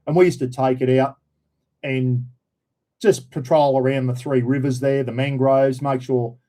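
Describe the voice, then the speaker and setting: An Australian man casually telling a story, acting out other people's shouted lines and laughing as he talks. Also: mid-range voice, a little slow. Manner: animated, acts out quoted shouts, laughs mid-sentence. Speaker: vlogger, former police officer.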